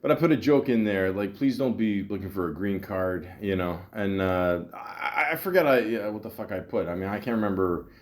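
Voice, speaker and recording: A man's voice: on the low side, moderate pace, few pauses. A man in his forties hosting a podcast, rambling through a casual, profane monologue with lots of fillers and self-deprecating asides. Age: 40s. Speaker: podcast host.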